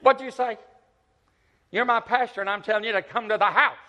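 A man's voice: high-pitched, a little fast, pushed and bright, lo-fi sound, voice pushed up. A preacher voicing a blunt, demanding elderly woman in her seventies. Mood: insistent. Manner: insistent, commanding.

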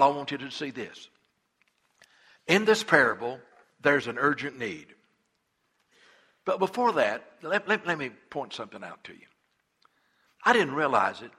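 A man's voice: mid-range voice, bright, forceful tone, husky. A man preaching a sermon as a pastor, retelling a parable in folksy everyday talk and repeating words as he goes.

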